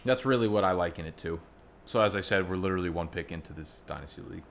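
A man's voice: deep voice, fast, gravelly, a little hiss or hum. A young man hosting a casual chat, telling stories in a profane, ranting way. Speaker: host.

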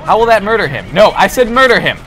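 Joking bossy young man, lively pitch. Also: fast, soft background music, low-quality recording. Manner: bossy, joking backseat directions. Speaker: gaming show co-host. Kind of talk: casual gameplay banter.

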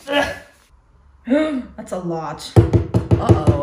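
Excitable young woman crafting in an echoey room. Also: medium pitch, slow, long pauses, very noisy. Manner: excitable, gasping, talks herself through each step. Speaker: book vlogger. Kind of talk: casual crafting commentary. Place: room at home. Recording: echoey room with faint clicks.

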